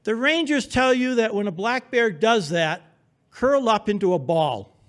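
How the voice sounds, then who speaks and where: A man's voice: high-pitched, animated, measured pace. A man telling a personal adventure story on stage at a live storytelling show, in a wry, humorous, vivid present-tense way. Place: theater stage before an audience.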